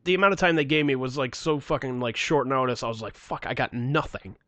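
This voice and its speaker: A man's voice: mid-range voice, quick pace, bright, forceful tone, dry recording. A man co-hosting a podcast, telling a story in a profane, giggly way. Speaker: podcast co-host. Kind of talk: casual podcast chat.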